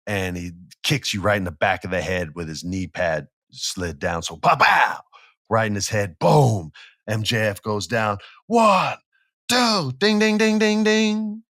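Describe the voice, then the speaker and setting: A man's voice: on the low side, no echo, studio quality. A man hosting a casual wrestling podcast, telling stories with acted-out quotes and sound effects. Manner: animated storyteller who acts out quotes and sound effects. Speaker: podcast host.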